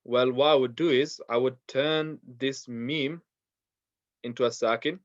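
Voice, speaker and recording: A man's voice: mid-range voice, steady tone, unhurried, no echo, highs cut off. A man teaching a beginners' Quran recitation class, patiently explaining the rules step by step and reciting verses to demonstrate them. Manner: patient, repeats steps, recites verses in Arabic. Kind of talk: online class lesson.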